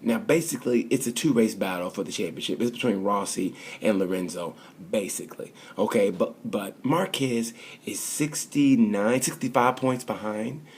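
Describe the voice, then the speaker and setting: Husky low-voiced racing vlogger. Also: male voice, normal speed. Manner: rambling, chatty, full of fillers and restarts. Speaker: motorsport vlogger. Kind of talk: casual race-review commentary.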